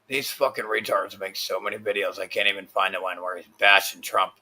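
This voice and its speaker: A man rants on his own livestream, cursing constantly as he rambles in frustration. His voice has a rough, husky grain but a bright, sharp edge to it. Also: sits low, level tone, brisk. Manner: angry, swearing, frustrated rambling. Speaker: livestream host. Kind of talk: profane ranting livestream.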